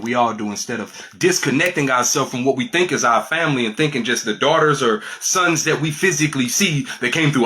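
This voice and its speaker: A man's voice: a little high, pushed and bright, a little hiss or hum. A man giving an improvised spiritual monologue as a teacher, preaching in a repetitive way with street slang.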